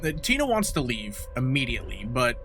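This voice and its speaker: A man co-hosting a casual podcast, recapping a horror movie in a profane, animated way. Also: medium pitch, fast talker, soft background music. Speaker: podcast co-host.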